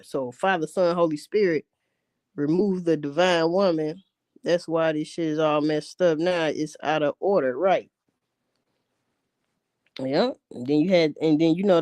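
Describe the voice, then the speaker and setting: A woman's voice: on the low side, darkish tone, no echo. A woman ranting in a casual commentary, blunt and heavy on profanity. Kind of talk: casual rant.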